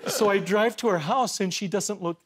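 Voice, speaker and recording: A man's voice: high voice, moderate pace, fairly bright tone, husky. An older man, a talk show guest, telling self-deprecating stories in casual chat and chuckling as he goes. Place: TV studio.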